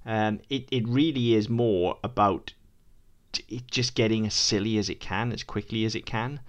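A man co-hosting a podcast, talking quickly in casual chat with many ums and restarts. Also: lowish voice, steady tone. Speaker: podcast co-host.

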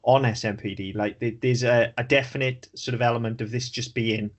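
A man co-hosting a laid-back podcast, his voice sitting at an ordinary middle pitch. He rambles through his points with lots of restarts. His talk is sweary and he makes fun of himself. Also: fairly even intonation, brisk. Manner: rambling, sweary, self-deprecating. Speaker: podcast co-host. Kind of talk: casual chat.

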